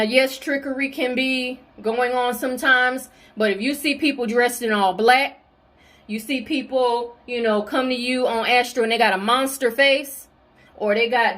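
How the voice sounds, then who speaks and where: A woman's voice: sits high, fairly bright tone. A woman delivering a heated spiritual rant, profane, fiery and confrontational. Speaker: spiritual video creator.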